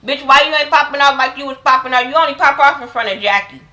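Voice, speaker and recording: Woman, vlogger, casual episode recap, blunt, profane, slang-heavy, sharp bright tone. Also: high voice, fast, poor audio. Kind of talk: casual episode review commentary.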